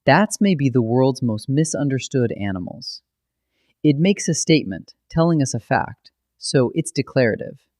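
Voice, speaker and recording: A man narrating a scripted grammar lesson, explaining rules in a steady, methodical way. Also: medium pitch, moderate pace, no echo, studio quality. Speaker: grammar teacher.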